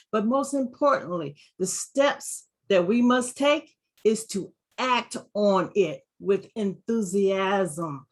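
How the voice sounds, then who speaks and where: A woman from Georgia in the United States gives an enthusiastic motivational talk on a video call. Her voice is at a middle pitch. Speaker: segment presenter.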